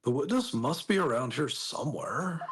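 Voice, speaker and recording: A man's voice: a little high, expressive, normal speed, noisy background. A man chatting casually on a fan voice-acted game stream, making dry wisecracks. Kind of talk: casual chat.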